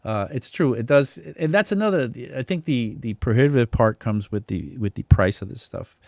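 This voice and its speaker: A man teaching music production in a relaxed, casual demonstration, thinking aloud with frequent restarts. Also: mid-range voice, normal speed, creaky, no room sound, clean studio sound. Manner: reads chat comments aloud. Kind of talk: casual live-stream demonstration. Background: synthesizer tones.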